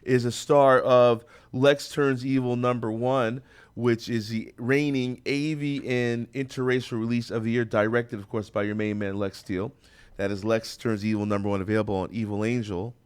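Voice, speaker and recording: A man's voice: medium pitch, flat delivery, a little fast, clean tone. A man hosting a radio talk show from a studio, bantering and joking with a playful, hyped announcer-style delivery.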